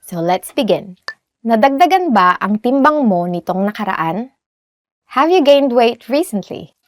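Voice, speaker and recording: A woman's voice: fairly high pitch, very animated, moderate pace, dry recording, studio quality. A young woman with a Filipino accent teaching a casual language lesson, chatty and laughing often as she asks "right?".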